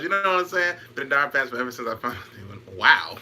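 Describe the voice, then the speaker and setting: A man's voice: mid-range voice, animated, fairly quick, background noise. A man in casual chat on a stream, trash-talking, laughing and repeating himself while answering comments.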